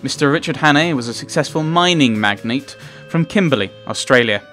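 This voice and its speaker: A man's voice: medium pitch, animated, a little fast, sharp tone, faint music behind. A man hosting a let's play, reading game narration aloud with playful, chatty asides.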